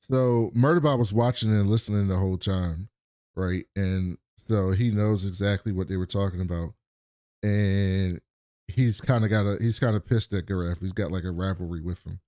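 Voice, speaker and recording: Animated man recapping a show, dry mic. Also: low voice, moderate pace, no room sound. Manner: animated retelling with laughs. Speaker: podcast co-host. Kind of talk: casual TV recap chat.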